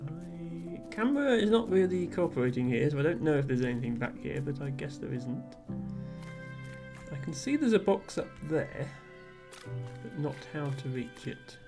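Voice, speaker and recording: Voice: medium pitch, sing-song, moderate pace, over music. A streamer playing a game live, chatting casually and amused while reading chat messages aloud.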